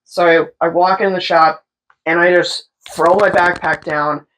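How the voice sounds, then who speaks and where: Speaking a little slowly at a fairly low pitch, a young tattoo artist animatedly recounts a story, cursing freely and imitating the voices of its characters. The recording is rough, with slight background noise.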